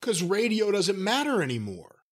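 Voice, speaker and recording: A man co-hosting a podcast, making dry, deadpan retorts in casual chat. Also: sits high, normal speed. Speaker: podcast co-host.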